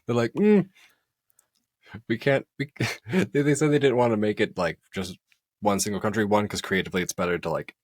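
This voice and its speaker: A man's voice: on the low side, quick pace, no room sound. A man co-hosting a podcast, chatting animatedly and acting out quotes. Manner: animated, quotes people in put-on voices, laughs. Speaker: podcast co-host. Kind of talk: casual chat.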